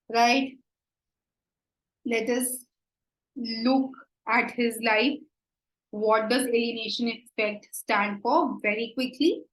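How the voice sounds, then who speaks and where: A woman with an Indian English accent giving an exam coaching lecture, slow and deliberate, often checking with "right?". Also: a little high, reverberant, poor audio. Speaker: teacher.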